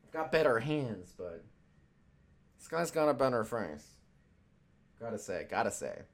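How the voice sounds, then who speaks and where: A man's voice: medium pitch, sing-song, unhurried. A young man chatting loosely on a stream, swearing often and rambling between jokes. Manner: profane, loose and joking, with many fillers. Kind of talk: casual rambling chat.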